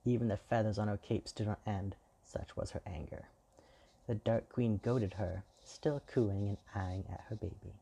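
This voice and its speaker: Gravelly, low-voiced male storyteller. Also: fairly even intonation, normal speed, mellow. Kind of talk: scripted fairy-tale narration.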